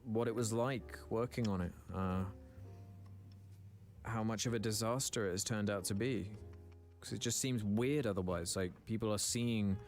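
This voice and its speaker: A man's voice: fairly low pitch, moderate pace, soft background music. A man with an English accent telling a casual story about his voice-acting work. He mocks himself, laughs often and stumbles through restarts. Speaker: YouTuber and voice actor.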